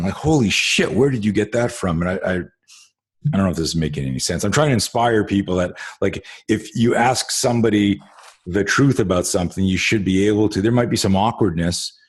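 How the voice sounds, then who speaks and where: Husky low-voiced man telling rambling stories. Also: brisk. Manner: rambling storytelling with many restarts and swearing. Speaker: host. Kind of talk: casual conversation.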